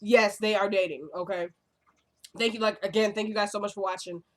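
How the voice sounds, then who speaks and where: A woman's voice: mid-range voice, steady tone, fairly quick. A young woman casually recapping a TV episode, retelling scenes with lots of "like" and "y'all" and acting out the characters' lines. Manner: uses fillers like "like" and "y'all".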